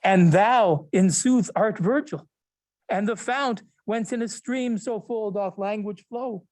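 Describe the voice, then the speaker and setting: A man's voice: high-pitched, slow, a little mellow, no echo, voice pushed up. A man reciting the lines of an awed medieval poet in declaiming, archaic verse.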